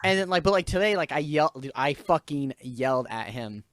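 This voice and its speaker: A young man hosting a casual podcast, telling his story with lots of swearing and energy. His voice sits a bit higher than most men's. The sound is close and dry. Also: fairly quick, no room sound. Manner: swears a lot, animated storytelling, laughs while venting. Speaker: podcast host. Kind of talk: casual chat.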